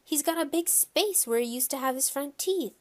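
A woman voicing a calm, matter-of-fact schoolboy in a children's story, speaking in a flat, offhand way. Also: high-pitched, normal speed, pitched above the performer's own voice.

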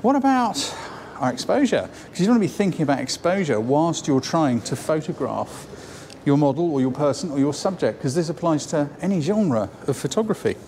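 A man with a slightly high, darkish, very animated voice talks a little fast while teaching photography on location, chatting, encouraging and thinking aloud as he shoots. The session starts outside then moves into a building, and there's a little hiss or hum.

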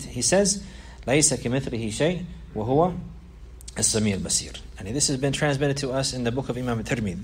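A man teaching a religious lesson, explaining a classical text, repeating and restarting phrases and reading quoted passages quickly. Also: mid-range voice, a little mellow, slight background noise.

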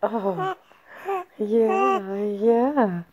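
Slow sing-song grandma baby-talking. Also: female voice, sits high, big pitch swings, breathy edge, phone-quality sound. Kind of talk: baby talk to an infant.

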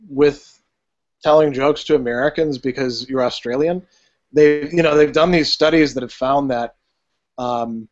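A man's voice: a little high, a little mellow, dull audio. A man hosting a philosophy show, asking thoughtful, hesitant questions with many fillers. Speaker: philosophy show host, interviewer. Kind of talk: casual interview.

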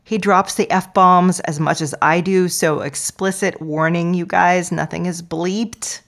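A woman hosting a podcast, talking in a playful, expressive way and sometimes dropping to a soft near-whisper. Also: lowish voice, unhurried. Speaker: podcast host. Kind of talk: podcast intro monologue.

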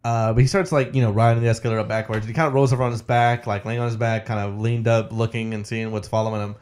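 A man co-hosting a podcast, casually recapping a movie in an animated way and laughing often. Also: on the low side, fast talker. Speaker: podcast co-host.

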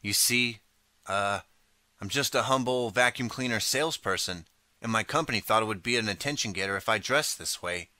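A man's voice: on the low side, moderate pace, pushed and bright, dry recording. A man voicing a nervous young time traveler who fumbles excuses in an audiobook story. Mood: flustered.

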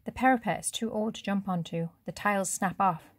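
A woman's voice: mid-range voice, brisk, no echo, lightly acted. A woman reader voicing a blunt, cocky French boy who talks in curt, matter-of-fact lines.

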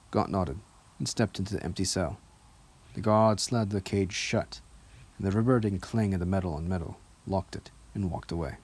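Male audiobook narrator, deep and low, steady measured read. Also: husky. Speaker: audiobook reader.

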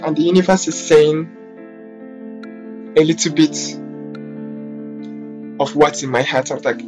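A man's voice: sits high, moderate pace, faint music behind. A man telling a storytime vlog about work, sassy, dramatic and full of swearing. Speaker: vlogger, hairstylist.

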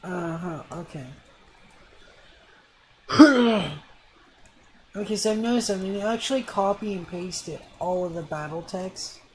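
A let's play gamer giving casual commentary, reading the game's dialogue aloud with sarcastic asides and clearing their throat as they come down with a cold. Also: medium pitch, a little slow, pauses often, slight background noise, poor audio.

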